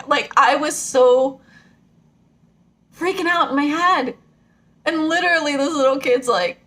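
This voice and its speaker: A woman talks straight to camera in a casual personal vlog, her voice sitting a little on the high side. She is frank and rambling, and her delivery turns animated whenever she gets caught up in a story. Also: a little fast, slightly rough. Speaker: vlogger.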